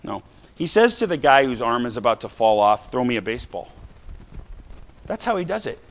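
A man preaching a sermon, talking to the congregation in a casual way, with many "right?" and "you know" asides and shouts for emphasis. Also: mid-range voice, sing-song, fairly quick. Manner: conversational, rising to shouts of emphasis.

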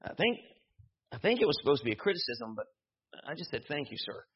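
A pastor preaching a sermon, animated, with humor and quick repetitions. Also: male voice, a little high, slightly rough. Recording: dull lo-fi sound.

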